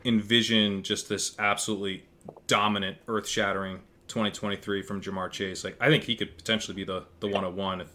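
A man's voice: on the low side, level tone, fairly quick, pushed and bright. A man who is a guest analyst on a fantasy football podcast, talking casually and thinking aloud with frequent restarts.

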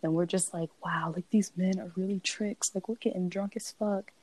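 A woman's voice: on the low side, moderate pace, no room sound, rough recording. A woman in her twenties, hosting a casual chat, tells stories with swearing and acts out what people said. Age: 20s. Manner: animated, swearing, acts out quotes.

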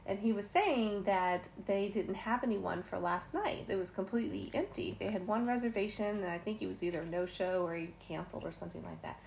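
A woman's voice: medium pitch, brisk, creaky, hardly any pauses, a little mellow. A woman telling a travel story in casual, chatty talk, laughing now and then and quoting others in passing. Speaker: vlogger. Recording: faint background noise.

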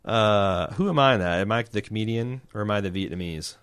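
A man's voice: lowish voice, fairly quick, a bit bright, smooth, no echo, studio quality. A man co-hosting a podcast, reading listener emails aloud in casual, joking banter and tripping over names.

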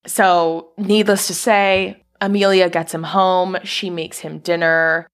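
A woman co-hosting a podcast, calmly retelling film scenes in casual chat. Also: lowish voice, slow, clean tone. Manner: steady plot narration, laughs along. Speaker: podcast co-host.

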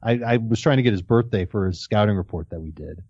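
A man's voice: lowish voice, fast talker, slightly rough, no room sound. A man co-hosting a fantasy football podcast, talking in a casual, enthusiastic way and often restarting his words. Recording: dull lo-fi audio.

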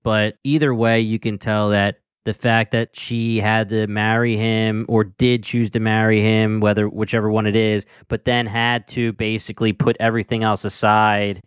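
A man's voice: fairly low pitch, little pitch movement, moderate pace, few pauses, smooth, no echo. A man with a Delaware County accent co-hosting a podcast in casual chat, enthusiastic and rambling with restarts. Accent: Delaware County, Philadelphia area. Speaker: podcast co-host.

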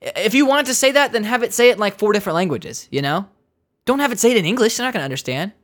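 Profane, exasperated comedian with swinging pitch. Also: animated, rapid-fire, fairly bright tone. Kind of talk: comedic rant.

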